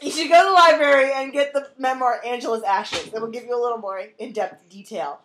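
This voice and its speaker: A woman's voice: on the high side, a little fast, a bit bright, a little hiss or hum, poor audio. A young woman telling a rambling drunk story at a house party, giggly and swearing.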